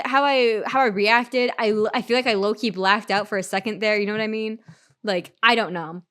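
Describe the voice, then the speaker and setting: A woman's voice: medium pitch, steady tone, brisk, a bit bright. A young adult woman streamer telling a story in casual chat, rambling with lots of "like" and restarts.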